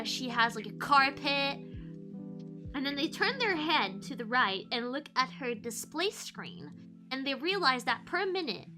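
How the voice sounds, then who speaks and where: Woman, streamer, casual chatty recap, high voice, background music. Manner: chatty, rambling, animated.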